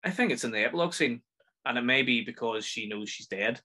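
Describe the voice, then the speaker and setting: A man's voice: mid-range voice, animated, fast talker, sharp tone. A man with a Northern Irish accent hosting a casual film review podcast, chatty and enthusiastic as he rambles through his thoughts. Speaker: podcast host.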